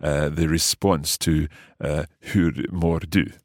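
A man with a very low, deep voice hosts a language lesson, asking curious questions and trying out each new phrase slowly. He chuckles often as he goes, and the recording is close and dry. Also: fairly even intonation, dry recording. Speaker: podcast host and learner.

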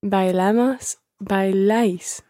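A woman's voice: medium pitch, steady tone, takes it slowly, dark tone, no echo, clean studio sound. A woman learning Spanish, carefully repeating words and phrases after her teacher. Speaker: language learner. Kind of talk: repeating drills in a lesson.

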